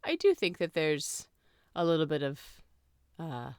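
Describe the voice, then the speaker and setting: Woman on a movie podcast, lowish smooth voice, muses slowly with lots of um and like. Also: very animated, a little mellow. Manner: thoughtful, hesitant, uses fillers. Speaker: podcast co-host. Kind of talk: casual movie podcast chat.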